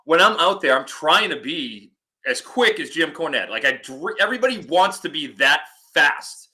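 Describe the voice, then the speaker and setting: A man, a football analyst, chatting casually on a podcast and telling rambling, animated stories with many restarts. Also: fairly high pitch, moderate pace.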